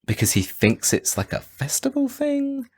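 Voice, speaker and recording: A man co-hosting a podcast in casual chat about a film, animated and jokey. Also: very high-pitched, normal speed, slightly rough. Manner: animated, jokey, quotes characters in silly voices. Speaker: podcast co-host.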